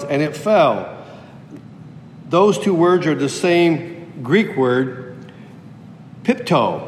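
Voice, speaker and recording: Pastor, male, teaching sermon, explains the Greek, slightly raised pitch, roomy echo in a church. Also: slight background noise. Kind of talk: expository sermon. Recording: echoey hall with long reverb.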